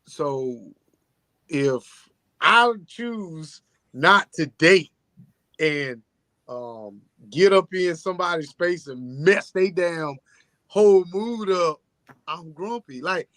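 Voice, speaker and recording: A man co-hosting a casual chat show, tired and talking in a low-key monotone. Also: dry recording. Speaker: podcast co-host.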